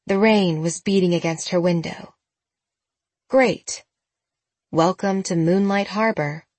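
A woman narrating a novel as an audiobook, in a steady, even storytelling manner. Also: lowish voice, normal speed, no echo. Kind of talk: scripted narration.

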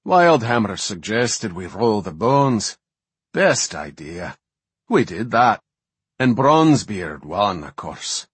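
A man's voice: fairly low pitch, very animated, takes it slowly, husky, no room sound, full character voice. A man voicing a jovial male dwarf emissary who speaks in a hearty, bluff way. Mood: amused.

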